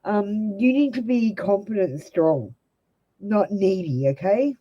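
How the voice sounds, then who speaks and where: A woman's voice: medium pitch, measured pace, highs cut off. An Australian woman giving blunt, direct tarot readings to viewers on a live stream. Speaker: tarot reader.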